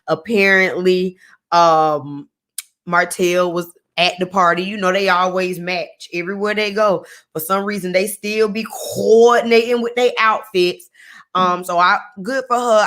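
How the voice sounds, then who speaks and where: A woman's voice: lowish voice, a bit bright. Sassy woman recapping reality TV. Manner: sassy, chatty, throws in slang asides. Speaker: TV recap reviewer. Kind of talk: casual reality-TV recap commentary.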